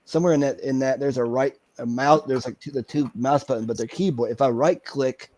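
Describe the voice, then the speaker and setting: A man talking as a podcast guest in casual chat, halting and searching for words as he explains things. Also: medium pitch, darkish tone, no echo.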